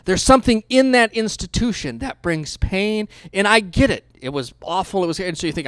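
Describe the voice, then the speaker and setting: A man pastor preaching a sermon in a conversational, storytelling way, swinging between hushed asides and loud outbursts. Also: sits high, expressive, moderate pace, clean tone, dry recording, clean studio sound.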